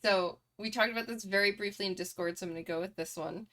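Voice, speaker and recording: A woman's voice: medium pitch, fast talker, fairly bright tone. A woman co-hosting a casual gaming podcast, easygoing, often answering with short agreeing replies. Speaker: podcast co-host. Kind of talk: casual chat.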